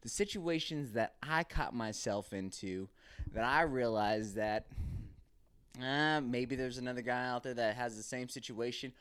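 A man's voice: mid-range voice, a little slow, a bit bright, a little hiss or hum. A man hosting his own podcast, telling a candid, rambling story about home life in a casual monologue. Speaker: podcast host. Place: Texas, recorded live.

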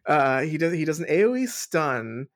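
A woman co-hosting a podcast in casual chat, talking in an animated, exclamatory way. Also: sits low, moderate pace. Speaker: podcast co-host. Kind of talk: casual book-discussion chat.

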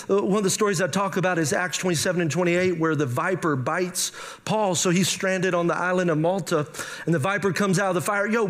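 High-voiced, joking male preacher. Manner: lively, joking preacher who talks to the congregation. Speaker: pastor. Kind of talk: sermon. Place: church sanctuary with a live congregation.

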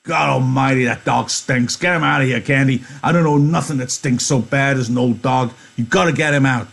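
A man's voice: medium pitch, fairly quick, vocal fry, pitched above the performer's own voice. A man voicing a blunt, heavy-set, pushy male ranch hand, reading a novel aloud in class. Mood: irritated. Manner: loud, insistent, hard-pressing delivery.

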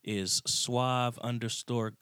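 A man's voice: medium pitch, steady tone, takes it slowly, fairly bright tone, clear, resonant tone, no room sound. A young man, a guest on a podcast, talking casually with slang and swearing, thinking aloud as he goes. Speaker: guest rapper. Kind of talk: casual chat.

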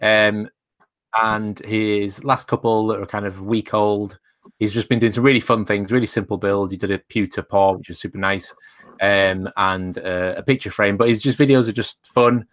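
A man co-hosting a casual podcast, talking in a relaxed, halting way with many fillers. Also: lowish voice, no room sound. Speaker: podcast co-host. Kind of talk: casual chat.

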